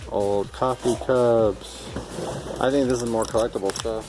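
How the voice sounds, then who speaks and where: A man digs through a storage unit as host of his own vlog, commenting casually and thinking out loud. His mid-range voice is laid-back and loose with jokes and curses. Background music plays clearly behind him. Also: mid-range voice, fairly even intonation, unhurried, poor audio. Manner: joking, swears freely, thinks aloud.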